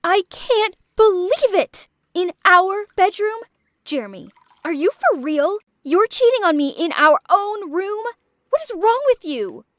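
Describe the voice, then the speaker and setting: A woman voicing an excitable young woman with a temper who speaks shrilly and emphatically. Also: high voice, a little slow, no echo, pitched above the performer's own voice. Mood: furious.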